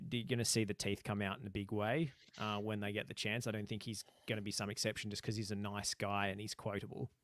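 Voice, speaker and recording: A man, co-hosting a podcast and giving measured analysis. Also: lowish voice, clear, resonant tone, no echo, clean studio sound. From Australia. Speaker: podcast co-host. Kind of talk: casual chat.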